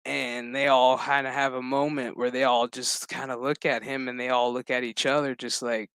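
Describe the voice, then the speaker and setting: Male reviewer, casual and profane, bright and clear-voiced. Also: mid-range voice, fairly even intonation, unhurried, no room sound. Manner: profane, chatty, laughs often. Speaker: show reviewer.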